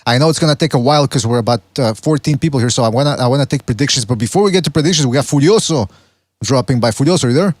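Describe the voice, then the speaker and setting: A man's voice: medium pitch, very fast, no room sound, clean studio sound. A man hosting a podcast voice-chat panel, hurriedly taking charge of the talk. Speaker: podcast host.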